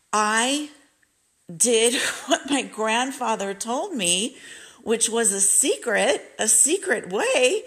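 A woman's voice: a little high, a bit bright. A woman vlogger telling a candid personal story, talking straight to her viewers. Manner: candid, confiding, addresses viewers directly.

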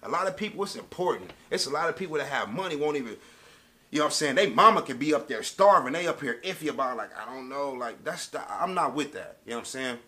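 A man's voice: on the high side, expressive, fast, pushed and bright. A man telling a story to camera as a casual rant, with streetwise slang and emphatic delivery. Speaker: vlogger.

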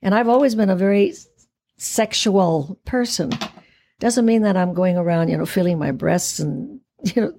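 Gravelly, husky woman in her eighties. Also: mid-range voice, animated, normal speed, mellow. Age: 80s. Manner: theatrical, laughs often. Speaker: guest actress. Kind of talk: casual interview chat.

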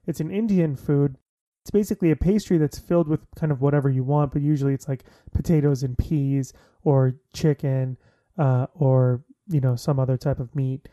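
Casting: man, 30s, loose jokey chatter, mellow low-toned timbre, dry close sound. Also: no room sound. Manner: chatty, filler-heavy, jokey. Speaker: vlogger. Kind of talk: casual chat to listeners.

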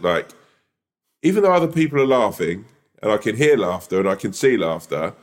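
A stand-up comedian co-hosting a podcast, telling an animated story full of "like" fillers. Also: male voice, on the low side. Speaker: podcast co-host. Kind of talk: casual chat.

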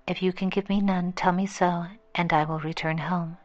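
A woman's voice: fairly low pitch, fairly even intonation, normal speed, highs cut off, natural voice. A woman reading the lines of a king who earnestly presses for answers.

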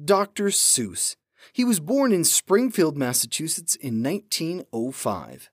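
A man's voice: on the high side, a little slow, breathy edge, no echo. A man hosting a trivia podcast, reading questions in a playful manner. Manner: animated, playful. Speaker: podcast host, trivia quizmaster.

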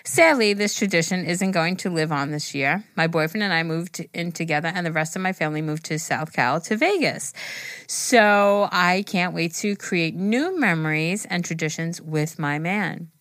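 A woman's voice: on the low side, moderate pace, a bit bright, no room sound. A woman co-hosting a podcast, reading listener emails in casual chat, easygoing and giggly. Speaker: podcast co-host.

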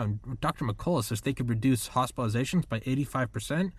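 A man in his thirties talks in a loose, rambling way, acting out what others say as he hosts. His voice sits at a middle pitch. The sound is close and dry. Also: quick pace, few pauses, breathy edge, no room sound. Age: 30s. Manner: rambling, animated, acts out quotes. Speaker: podcast host. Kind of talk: casual chat.

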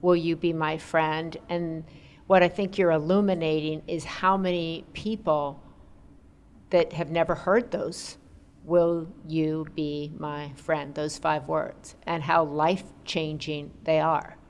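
Low-voiced reflective woman interviewer. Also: level tone, slow pace, clear, resonant tone. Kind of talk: interview conversation. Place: indoor interview. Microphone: podcast mic.

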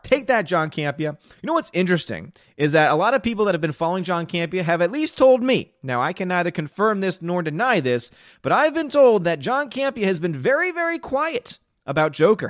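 Guy hosting a livestream, reads out chat names, opinionated rambling, kinda high voice, dry close sound. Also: dry recording. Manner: chatty, opinionated, greets viewers by name. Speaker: livestream host reading chat. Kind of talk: casual live-stream commentary.

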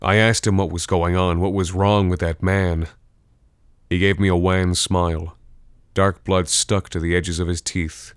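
Deep, smooth male horror narrator. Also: little pitch movement, no echo, clean studio sound. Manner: measured, tense first-person storytelling.

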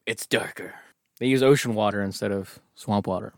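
A man's voice: fairly low pitch, moderate pace, gravelly, no room sound, clean studio sound. Jokey man in casual podcast chat. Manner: joking, laughs often, playful wordplay. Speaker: podcast co-host.

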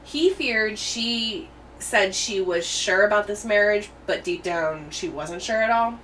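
A woman's voice: mid-range voice, a little slow, fairly bright tone, recorded from a distance, slight background noise, rough recording. An American woman hosting a true crime podcast, telling the story in a chatty way with tangents. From United States. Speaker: podcast host.

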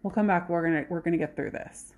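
A woman hosting a podcast in casual chat, animated, acting out quoted dialogue. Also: on the low side, fast. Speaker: podcast host.

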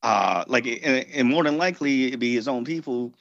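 A man co-hosting a casual podcast chat, halting and repeating words as he talks. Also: mid-range voice, creaky, fairly bright tone, no echo, muffled recording. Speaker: co-host.

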